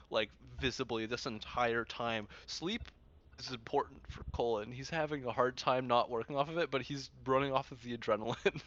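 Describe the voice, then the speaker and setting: A man's voice: mid-range voice, normal speed, a bit bright, lo-fi sound. A young man playing a tabletop game with friends, laughing often and slipping into his character's voice. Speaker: player. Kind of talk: casual tabletop play with character voicing.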